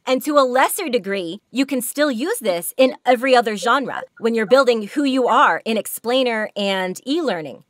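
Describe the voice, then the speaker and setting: A hoarse woman giving a chatty workshop talk on voice acting, laughing often as she goes. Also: a little high, animated, normal speed, few pauses, no echo, studio quality. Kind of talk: workshop presentation.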